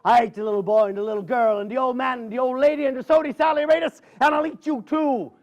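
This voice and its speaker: A man's voice: extremely high pitch, steady tone, fast talker, muffled recording. A man voicing a big, hungry, boastful brown bear in a told folk tale, growling out his threats. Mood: menacing. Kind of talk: storytelling to a live audience.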